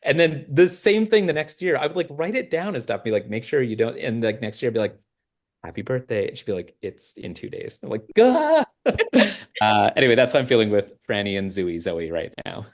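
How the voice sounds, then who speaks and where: A man's voice: medium pitch, brisk. A man from Canada, a film writer and director, chatting in an interview and telling stories with many fillers and restarts. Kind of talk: casual interview chat.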